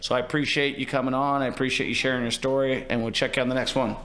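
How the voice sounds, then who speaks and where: A man hosting a podcast, asking questions and pitching his program in an upbeat, emphatic, salesy way. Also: little pitch movement, quick pace, fairly bright tone. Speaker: podcast host, real estate investor. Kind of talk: interview host and sponsor-style pitch.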